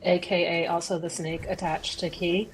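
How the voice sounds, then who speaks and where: A woman's voice: on the low side, little pitch movement, moderate pace. A woman playing a tabletop game, hesitantly asking what her character can do. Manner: hesitant, asking rule questions. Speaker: player. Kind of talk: casual tabletop game talk. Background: soft fantasy music.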